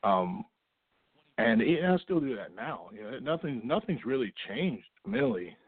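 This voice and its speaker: A man, a wrestler guest on a podcast, talking in a halting way with many restarts and fillers. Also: mid-range voice, sing-song, husky, no echo. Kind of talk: casual podcast chat. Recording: tinny phone-like line.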